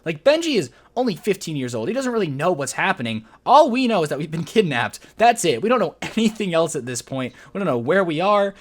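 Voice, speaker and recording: A man's voice: on the high side, big pitch swings, brisk, hardly any pauses. A young man telling a jokey story on his vlog, full of slang and playful exaggeration. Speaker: vlogger.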